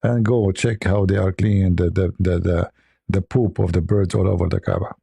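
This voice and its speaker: Gravelly, husky-voiced male stream host. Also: low-pitched, fairly even intonation, moderate pace, mellow, dry recording, clean studio sound. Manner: chatty, laughs at his own stories. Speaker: livestream host. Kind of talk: casual live-stream chat.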